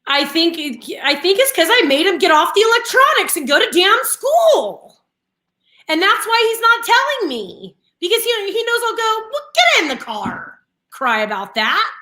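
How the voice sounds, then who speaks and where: A woman's voice: very high-pitched, normal speed. A woman in her thirties co-hosting a casual morning live show, telling stories animatedly with flashes of frustration. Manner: animated storytelling, frustrated and laughing. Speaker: live stream co-host.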